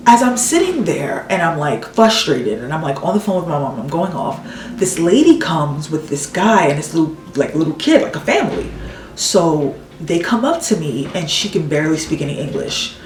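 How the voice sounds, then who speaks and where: Doing her makeup in a room at home, a woman vents through a casual story, voicing other people's lines in an animated, exasperated way. Her voice sits low and moves at a moderate pace. The audio is poor, reverberant and distant, with a little hiss or hum.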